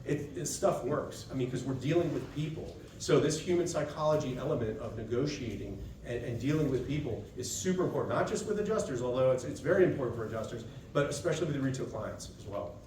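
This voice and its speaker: A man's voice: medium pitch, expressive, quick pace, hardly any pauses, darkish tone, a little hiss or hum. A man giving a casual, conversational seminar talk to trade technicians, often checking in with "right?". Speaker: seminar presenter to dent repair technicians. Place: expo session room. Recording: echoey room, voice picked up from a distance.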